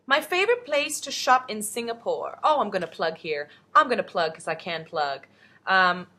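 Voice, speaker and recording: A woman's voice: on the low side, pushed and bright, slight background noise. A young woman from the Philippines, an actress chatting upbeat through fan questions on a webcam, rambling into asides. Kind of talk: casual webcam Q&A. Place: indoors at home.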